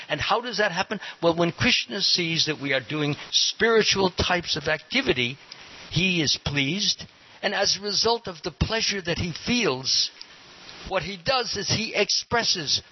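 A man giving a devotional lecture as a spiritual teacher, speaking in an animated way and quizzing his audience. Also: high-pitched, husky. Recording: dull lo-fi recording with hiss.

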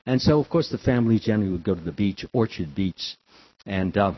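An older man tells a sermon story with lively, swooping pitch and a slightly husky voice. He acts out children's cries in a high voice. The recording sounds dull and lo-fi. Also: fast talker. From the Bronx, New York. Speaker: devotional speaker.

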